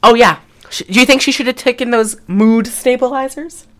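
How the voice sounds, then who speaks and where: A woman's voice: on the high side, moderate pace, crowd noise. A woman co-hosting a podcast in casual chat, retelling a film with lots of laughter and swearing. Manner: laughs often, swears freely, animated retelling. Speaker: podcast co-host.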